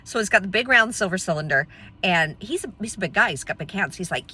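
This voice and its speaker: A middle-aged woman tells a story with a lot of expression, her voice swinging up and down as she acts out the people in it. Her voice is bright and a little husky, and she laughs often along the way. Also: a little high, sing-song, a little fast. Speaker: vlogger telling a story. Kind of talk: animated storytelling.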